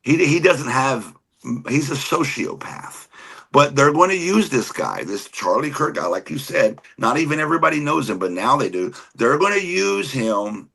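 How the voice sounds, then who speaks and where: A man giving emphatic, heated, profane political commentary with a husky voice. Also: mid-range voice, big pitch swings, normal speed, bright, forceful tone. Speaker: co-host or guest commentator.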